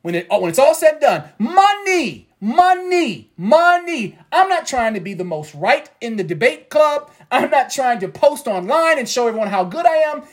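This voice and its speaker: A man's voice: very high voice, big pitch swings, a little fast, few pauses. A man coaching traders in a motivational talk, preachy and repeating his points for emphasis. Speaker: trading coach.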